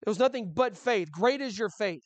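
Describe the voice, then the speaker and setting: A man's voice: high voice, animated, normal speed, dry recording. A male pastor preaching a sermon in a conversational way, with frequent restarts and rhetorical questions.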